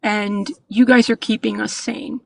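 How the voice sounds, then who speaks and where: A woman in her sixties calling in to a show, speaking earnestly and haltingly, with frequent restarts. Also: mid-range voice, level tone, vocal fry, a little mellow, poor audio. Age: 60s. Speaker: caller. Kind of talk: call-in chat.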